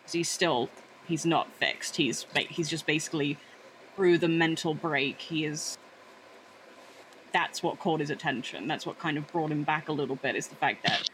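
A man's voice: a little high, moderate pace, fairly bright tone, poor audio. A man narrating his character's actions in a tabletop role-play game, rambling and hesitant with many fillers. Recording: faint background noise.

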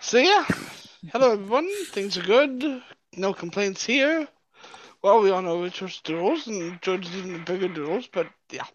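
A woman co-hosting a casual group chat on a video call, offhand and deadpan. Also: medium pitch, moderate pace, lo-fi sound, slight background noise. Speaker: podcast co-host.

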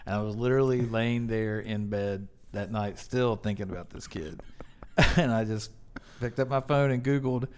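A man's voice: fairly low pitch, moderate pace, a little mellow, slight background noise. A man co-hosting a podcast, telling a story in casual chat and breaking into laughter often. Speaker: podcast co-host.

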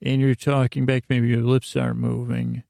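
A man's voice: medium pitch, monotone, normal speed, creaky, warm tone, dry recording, studio quality. A man doing a puzzled, curious onlooker. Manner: bewildered, questioning.

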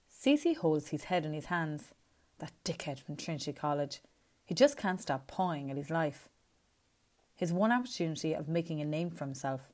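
A woman reading a story as scripted narration, in a measured, even way. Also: deep voice. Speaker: audiobook reader.

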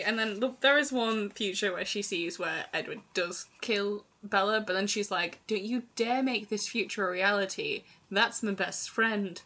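A young woman co-hosting a casual book chat, animated and laughing, often jumping into playful voices. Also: medium pitch. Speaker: podcast co-host.

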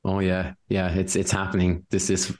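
A man's voice: deep voice, monotone, normal speed, darkish tone. A man co-hosting a podcast, chatting casually and hesitantly, often repeating words as he starts. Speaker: podcast co-host.

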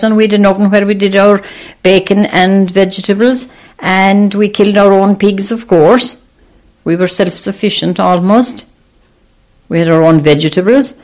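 A woman with an Irish accent calmly and plainly recounting memories, with small hesitations. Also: lowish voice. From North Cork, Ireland. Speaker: interviewee. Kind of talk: calm reminiscence.

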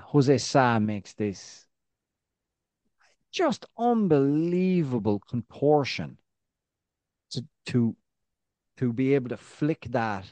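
Animated man talking football, dry mic. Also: no room sound. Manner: animated storyteller, restarts, rising pitch when excited. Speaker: podcast co-host. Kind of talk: casual football chat.

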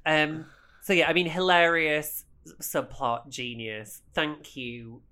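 A podcast co-host in casual chat about a TV episode, witty and animated, often slipping into put-on voices to act out quotes. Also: mid-range voice, takes it slowly.

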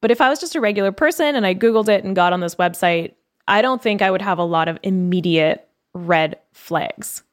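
A young adult woman co-hosting a podcast, talking fast and animatedly, often stopping to read quotes aloud. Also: medium pitch. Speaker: podcast co-host. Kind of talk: casual podcast chat.

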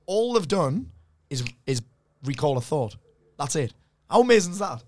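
In a dry recording, a mindset coach in his 40s speaks at normal speed with a fairly high pitch. He's having a casual podcast chat, swearing freely and voicing the people he quotes while animatedly telling stories.

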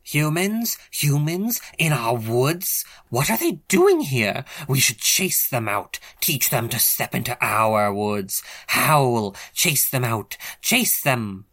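A man's voice: mid-range voice, sing-song, slow, few pauses, exaggerated voice. A man voicing an angry crowd of wolves calling out in outrage. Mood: outraged. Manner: loud outraged shouting.

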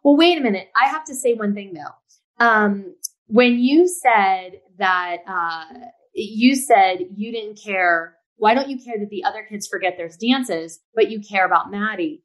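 A woman's voice: medium pitch, measured pace, fairly bright tone. A middle-aged woman co-hosting a podcast, emphatic and opinionated, cutting in to make her point in casual chat. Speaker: podcast co-host.

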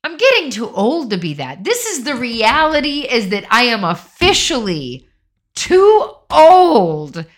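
A woman's voice: fairly high pitch, huge pitch swings, normal speed, fairly bright tone. A middle-aged woman talking casually with a nasal, stuffy voice after crying, blunt and wry. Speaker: podcast co-host. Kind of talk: casual couple's chat.

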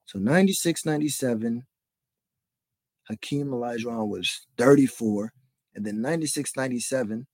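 On his own sports podcast, a young male host delivers a brisk rant in a medium-pitched voice, recorded without echo. It's rambling and heated, full of repetition and a steady stream of "like" and "bro".

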